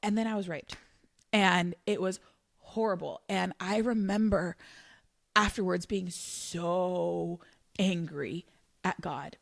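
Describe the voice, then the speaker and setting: A young woman co-hosting a faith podcast, talking candidly and emotionally, with quick bursts of affirmation. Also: lowish voice, fairly even intonation, vocal fry. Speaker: podcast co-host.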